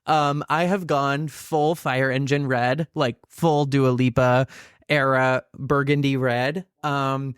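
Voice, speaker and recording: A woman hosting a gossip podcast in a playful, jokey chat with quick asides. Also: rumbling low, steady tone, clean tone, no echo, clean studio sound. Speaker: podcast host.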